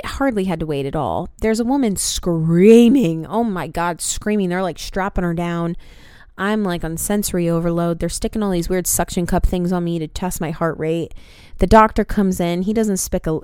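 A young woman in her twenties hosting a podcast, telling a story in an animated way with frequent swearing. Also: on the low side, moderate pace, clear, resonant tone, no echo, studio quality. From United States. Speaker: podcast host. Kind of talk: casual storytelling.

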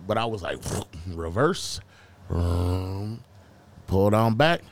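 A man's voice: low-pitched, lively intonation, slow, creaky. A man as a podcast guest, telling a story casually in loose slang with heavy swearing.

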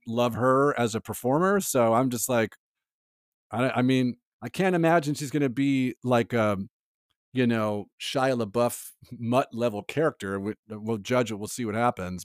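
A man co-hosting a casual pop-culture podcast, talking in an animated way with lots of fillers and frequent laughs. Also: mid-range voice, no echo, studio quality. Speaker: podcast co-host.

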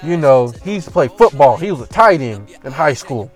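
A man's voice: a little high, fairly quick, faint music behind. A young man telling a story about his job as a casual, profane rant, acting out the people he quotes. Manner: profane, animated, restarts and acts out quoted lines.

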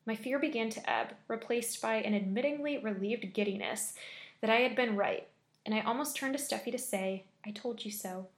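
A woman reading a scary story aloud with steady, measured storytelling. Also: fairly high pitch. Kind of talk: scripted horror story narration.

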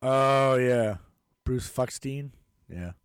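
A man's voice: medium pitch, extremely slow, smooth, no room sound, studio quality. A man co-hosting a podcast, talking in crude casual banter, rambling and swearing, laughing often. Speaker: podcast co-host.

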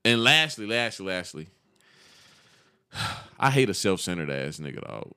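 A young man chatting on a casual podcast in a slightly low voice. He tells his stories in loose slang and acts out the lines of the people in them. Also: a little slow, clean tone. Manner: animated, slangy storytelling with acted-out quotes. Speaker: podcast co-host.

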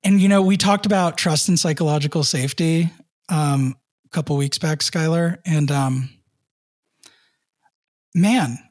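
A man in his thirties, co-hosting a podcast, telling a personal work story in an earnest way, with many fillers and soft laughs. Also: a little high, dry recording, studio quality. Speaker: podcast co-host.

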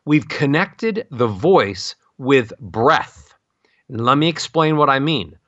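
A middle-aged man coaching on voice, talking expressively and swooping his pitch up and down to show melody. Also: expressive, slow pace, sharp tone, no room sound, lo-fi sound. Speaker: vocal coach. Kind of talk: expressive instructional talk with sung-like demonstrations.

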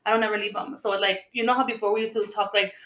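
Chatty woman in her thirties, fast and casual, code-switching, echoey room. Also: mid-range voice, fairly even intonation, fairly bright tone. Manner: chatty, says "like" a lot, mixes in Spanish. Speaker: podcast co-host. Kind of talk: casual chat.

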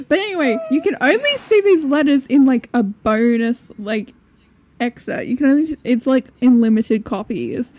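A woman's voice: high voice, lively intonation, a little fast, a little mellow. A young woman casually chatting about a book series as a podcast co-host, laughing often and acting out quotes.

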